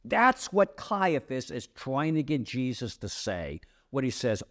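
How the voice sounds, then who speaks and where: A man's voice: medium pitch, big pitch swings, measured pace, fairly bright tone. A man teaching a Bible study podcast, telling the story with emphatic drama and checking in often with "okay?" and "right?". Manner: peppers explanations with checking tags like "okay?" and "right?".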